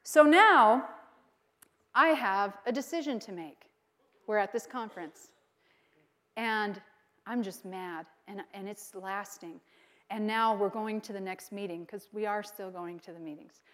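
A middle-aged woman pastor preaching a sermon, telling a personal story with lively acted-out quotes and frequent laughter. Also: mid-range voice, measured pace.

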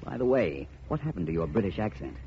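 Vance, a suave detective. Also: male voice, sits low, big pitch swings, fast talker, slight background noise. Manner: urbane, dry and wry. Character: suave male gentleman detective, cool and wry. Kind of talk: 1940s radio acting. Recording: muffled old radio broadcast.

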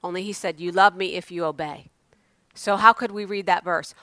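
A woman preaching a sermon, moving from loud exclamations to hushed asides. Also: on the low side, steady tone, moderate pace, dry recording.

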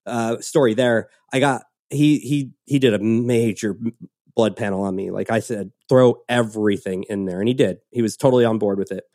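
A man hosting a casual podcast conversation, telling stories with lively acted-out quotes. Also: on the low side, normal speed, dry recording, studio quality. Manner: animated storytelling, acts out quotes. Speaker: podcast host.

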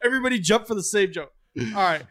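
A man's voice: sits high, expressive, quick pace, a crowd in the background. A man co-hosting a casual podcast, talking in a slangy, irreverent way. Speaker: podcast co-host.

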